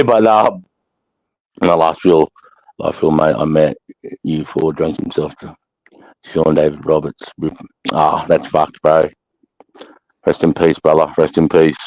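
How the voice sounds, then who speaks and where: A middle-aged Australian man hosting a casual livestream chat, blunt and swearing often, telling stories with animated, jumping energy. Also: deep voice, no room sound. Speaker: livestream host, army veteran. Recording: dull, dry lo-fi stream audio.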